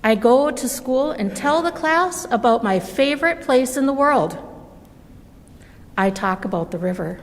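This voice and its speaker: A woman reading a children's story aloud at a church service, gentle and measured. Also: high-pitched, animated. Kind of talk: slow storybook read-aloud. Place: church sanctuary. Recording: long reverb of a large hall.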